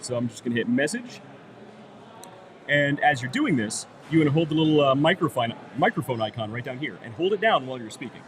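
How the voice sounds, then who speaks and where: A man's voice: medium pitch, expressive, a little fast, fairly bright tone. Man, podcast co-host, laid-back chatter with self-mocking humor. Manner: joking, self-deprecating. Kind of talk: casual live podcast chat.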